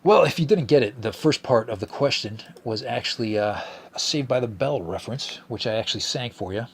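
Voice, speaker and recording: A man's voice: medium pitch, expressive, fairly quick, a little hiss or hum. A man hosting a solo podcast, reading out listener messages in a rambling, profane, casual way with frequent stammered restarts. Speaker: podcast host.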